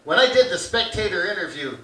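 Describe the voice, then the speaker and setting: This brash, rambling stand-up set comes from a crude comedian in his fifties from Hamilton, performing live in a theater and recorded from a distance in a roomy space. He pitches high with big swings, talking a little fast in a pushed, bright voice.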